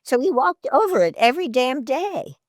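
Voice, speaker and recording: An older actress in an interview, telling stories in a chatty, animated way, often laughing and jumping her voice up for quoted lines. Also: high voice, moderate pace, dry recording, clean studio sound. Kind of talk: conversational storytelling interview.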